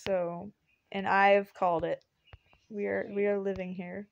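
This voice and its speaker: A woman hosting a gaming video, chatting casually with a friend while she plays. She giggles often, gets excited easily, and reads chat messages aloud. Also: medium pitch, a little slow, creaky, lo-fi sound. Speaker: channel host and player.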